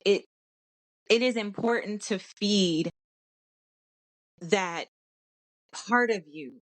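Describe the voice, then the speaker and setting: A woman's voice: fairly low pitch, a bit bright. A young woman in a candid personal vlog, talking casually with slang, emotional and tearful with a stuffy nose. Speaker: vlogger.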